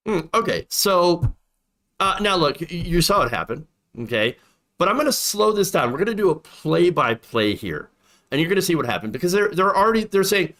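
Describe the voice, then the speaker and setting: A man's voice: a little high, big pitch swings, fairly quick, fairly bright tone. A man hosting a political commentary show, talking emphatically and repeating points for effect.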